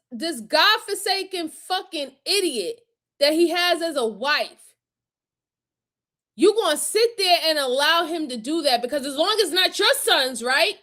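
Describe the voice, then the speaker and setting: A woman's voice: extremely high pitch, fairly bright tone. A woman reacting to crime footage in a heated, emphatic way, cursing often and near tears with fury. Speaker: video commentator.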